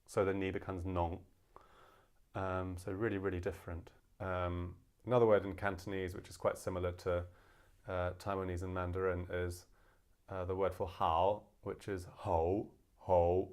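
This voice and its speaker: Very low-voiced man teaching. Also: level tone. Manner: explains with many fillers, demonstrates pronunciations louder and slower. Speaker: language teacher. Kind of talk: casual language lesson.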